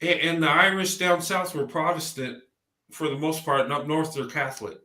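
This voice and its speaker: Bright-voiced man chatting casually. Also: a little high, normal speed, reverberant, a little hiss or hum. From American South. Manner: rambling, repeats words when starting a thought. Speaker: podcast host. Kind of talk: casual chat.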